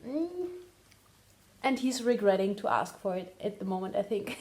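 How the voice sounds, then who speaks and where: A woman's voice: mid-range voice, unhurried, a little mellow. A young woman with a German accent, chatting casually as a podcast host from home, laughing often and correcting her own English. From northern Germany. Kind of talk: casual chat. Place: home in Lower Austria.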